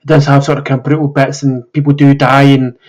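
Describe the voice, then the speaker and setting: A slightly hoarse man hosting a podcast, chatting casually and rambling with many filler words. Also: medium pitch, level tone, a little fast, darkish tone, poor audio. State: slightly hoarse, recovering from illness. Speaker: podcast host. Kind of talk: casual chat.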